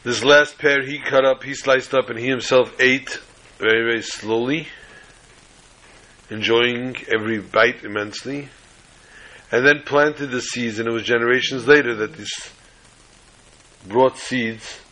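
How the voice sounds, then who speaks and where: A man teaching a class over a video call, telling a story slowly and adding corny jokes. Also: medium pitch, steady tone, sharp tone, poor audio.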